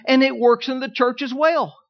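A man preaching a sermon, telling a personal story in a folksy way, swinging from quiet asides to emphatic declarations. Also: extremely high pitch, fairly even intonation, normal speed, dull audio. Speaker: pastor.

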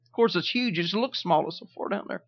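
A man's voice: high voice, fast talker, vocal fry. A middle-aged man preaching a sermon, telling stories and calling for amens from the congregation. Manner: storytelling preacher, calls out "Amen?" to the congregation. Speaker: pastor. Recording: dull lo-fi sermon recording.

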